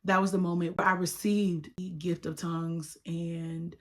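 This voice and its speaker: Young woman vlogger, slightly low voice, casual animated storytelling with quoted dialogue. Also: moderate pace. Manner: animated, quotes others in dialogue, addresses viewers as y'all. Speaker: YouTuber sharing her testimony.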